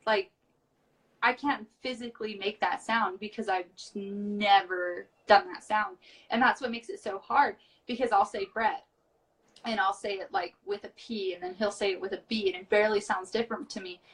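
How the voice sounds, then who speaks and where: A tired American woman, a guest from a reality show, chats bluntly and swears casually on a live stream from a small storage room. Her voice is medium-pitched with fairly even intonation and normal speed, and she sounds far off the mic.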